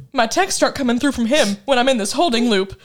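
A woman's voice: a little high, expressive, a little slow, noisy background. A woman in her twenties chatting casually as a podcast co-host, telling a rambling, dramatic story full of laughs. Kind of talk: casual chat.

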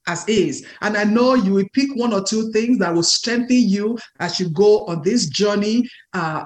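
A woman's voice: mid-range voice, a little mellow. A woman hosting an interview podcast, talking in an emphatic, encouraging way. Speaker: podcast host.

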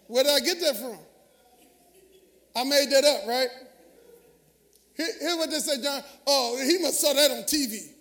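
A man preaches in a large church sanctuary, his voice sitting unusually high for a man. He trades lines with the congregation in a lively, conversational way. Long reverb from the hall trails each phrase. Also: moderate pace, pauses often. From Southern US. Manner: call-and-response preaching, animated and conversational. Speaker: pastor. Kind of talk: sermon.

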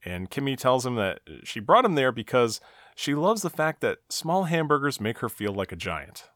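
A man's voice: mid-range voice, big pitch swings, moderate pace, a bit bright, no room sound, studio quality. A man co-hosting a podcast, recapping a TV episode in casual chat with a wry, chuckling manner and frequent fillers.

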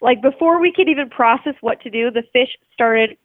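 A woman telling an animated, casual story, full of "like" fillers and swearing freely. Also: fairly high pitch, moderate pace, dry recording. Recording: tinny dry phone line.

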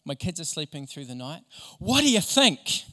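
A young adult man preaching a sermon, telling stories in an animated, enthusiastic way. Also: on the high side, normal speed. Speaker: pastor. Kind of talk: sermon with storytelling. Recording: long hall reverb.

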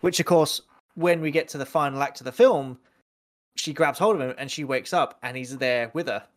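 A man's voice: mid-range voice, normal speed, dry recording, clean studio sound. A man co-hosting a horror podcast, chatting casually and animatedly, often acting out scenes. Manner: animated, rambling, acts out scenes. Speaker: podcast co-host. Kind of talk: casual film-review chat.

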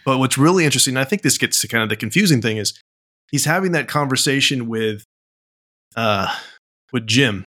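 A man co-hosts a podcast in casual chat. His voice is bright and forward, and he talks in a relaxed, easygoing way. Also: medium pitch, a little fast, long pauses. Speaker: podcast co-host.

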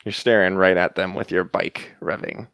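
A man running a tabletop role-play as game master, narrating in a relaxed, halting way full of fillers. His voice is deep and smooth, with a resonant tone. It is recorded dry, with no room sound. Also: no room sound. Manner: relaxed, hesitant with many fillers.

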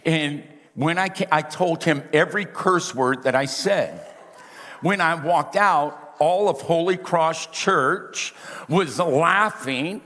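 A man preaching from the pulpit in a big, carrying voice that comes a little from the side of his mouth. His pitch sits fairly high for a man. His storytelling is folksy and self-deprecating, and long reverb trails each phrase in the church. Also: slow, a bit bright. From Louisiana. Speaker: pastor. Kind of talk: storytelling sermon. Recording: reverberant hall.

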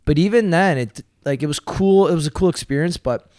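A man interviewing a guest in a relaxed, chatty podcast conversation. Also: a little high, fairly quick, no echo, studio quality. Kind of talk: casual interview chat.

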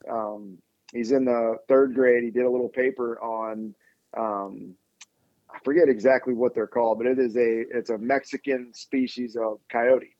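A man's voice: medium pitch, moderate pace, no room sound. A man in his thirties chatting casually and telling stories, acting out the quoted lines. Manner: relaxed storyteller who acts out quoted dialogue. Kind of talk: casual chat. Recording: dull, dry lo-fi sound.

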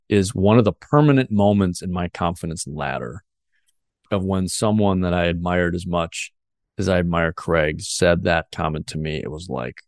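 A man's voice: low voice, darkish tone, dry recording, clean studio sound. A man hosting a podcast interview, telling a personal story earnestly with frequent restarts. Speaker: podcast host.

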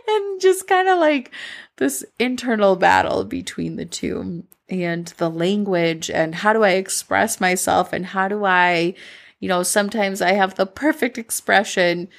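A woman's voice: medium pitch, unhurried, creaky. A young woman with a Midwestern American accent, hosting a solo podcast and talking candidly in a rambling, reflective way, full of "like" fillers. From born in Colombia, raised in Minnesota. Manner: candid, rambling, frequent "like" fillers, laughs at herself. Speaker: podcast host.

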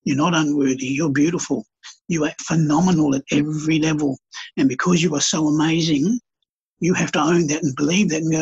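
Very husky man, passionate. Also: a little high, fairly even intonation, brisk, lo-fi sound. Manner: passionate, storytelling, preachy. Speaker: podcast guest, artist and healer. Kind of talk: casual spiritual conversation.

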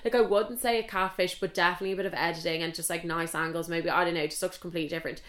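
A woman's voice: on the low side, steady tone, rapid-fire, fairly bright tone. Rambling, sweary young Irish woman. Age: 20s. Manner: rambling, blunt and sweary, lots of fillers. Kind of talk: casual storytelling.

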